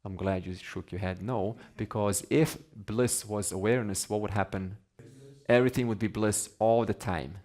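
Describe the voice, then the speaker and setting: A man's voice: lowish voice, steady tone, moderate pace, darkish tone. A man teaching a class on scripture, conversational, asking his students questions and laughing between points. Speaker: Vedanta teacher.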